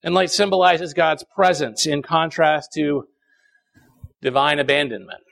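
A male pastor, preaching a sermon with emphatic repetition and dramatic pauses. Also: on the high side, vocal fry.

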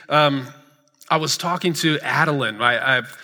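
A man's voice: mid-range voice, a little slow, bright, forceful tone. A man in his thirties preaching a sermon in a church sanctuary, telling a story earnestly and building to emphatic repeated lines. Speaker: pastor. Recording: reverberant hall.

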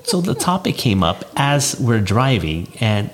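A man's voice: medium pitch, unhurried. A man co-hosting a late-night couples podcast, talking casually with fillers, sounding tired. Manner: relaxed, fillers, repeats catchphrase. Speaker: podcast co-host. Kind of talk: casual chat.

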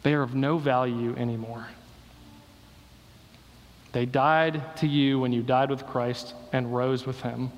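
A man's voice: medium pitch, fairly even intonation, unhurried, pauses often. A man preaching a sermon, delivering emphatic repeated rhetorical questions. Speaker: pastor. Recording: long reverb of a hall.

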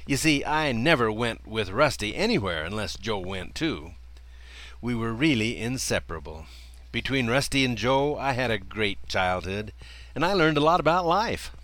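An older man telling a personal childhood story in a folksy way, chuckling often as he talks. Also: dry recording. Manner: folksy, chuckling often, lively swings in pitch.

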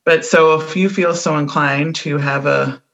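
A Midwestern woman chatting as a podcast co-host, with a bright, clear tone. She talks easily and explains things as she goes, and she often breaks into a laugh. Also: low voice, steady tone, unhurried, highs cut off. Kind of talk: casual chat.

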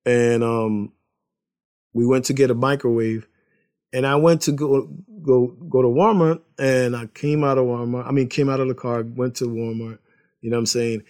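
A man's voice: medium pitch, fairly even intonation, moderate pace, a little mellow. A man casually sharing a personal faith testimony, rambling, repeating words and laughing as he tells it.

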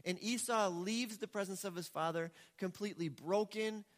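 A male pastor with a high voice tells his story in a loose, chatty preaching style and often acts out the characters. His voice rings out through a large hall with a long, trailing reverb. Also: normal speed. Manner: conversational, animated storytelling. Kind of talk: sermon.

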